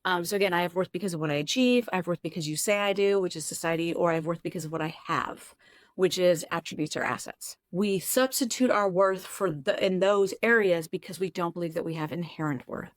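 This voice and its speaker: A woman therapist speaks to camera from her home office, her voice sitting on the low side for a woman. She explains things casually, with self-deprecating asides. The sound is close and dry, with no room echo. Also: fairly quick. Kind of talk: casual talk-to-camera teaching.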